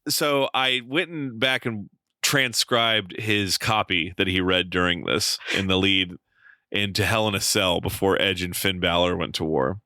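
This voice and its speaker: A man co-hosting a podcast, telling an animated story in casual chat, swearing freely and using lots of fillers. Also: low-pitched, measured pace, no room sound. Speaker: podcast co-host.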